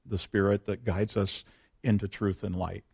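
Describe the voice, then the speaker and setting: Male pastor, folksy and self-deprecating, animated storyteller in the pulpit. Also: lowish voice, moderate pace, creaky, slightly rough. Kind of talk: sermon with personal storytelling.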